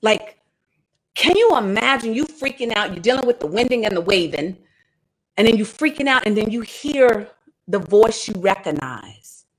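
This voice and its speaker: A woman leading a casual livestreamed Bible study, animated and quick to laugh, with dramatic asides. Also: mid-range voice, low-quality recording.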